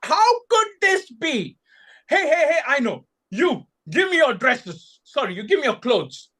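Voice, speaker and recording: A man from India voicing a vain, demanding male castle lord in a shrill, loud, whining voice. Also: animated, normal speed. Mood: furious.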